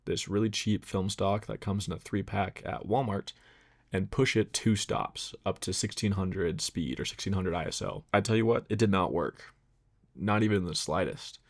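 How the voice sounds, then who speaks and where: A young man talks through his photos in a low, gravelly voice with plenty of vocal fry. He rambles casually, fillers and all, poking fun at his own results. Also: moderate pace. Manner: relaxed, self-deprecating, rambling with fillers. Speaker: photography vlogger. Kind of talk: casual vlog narration.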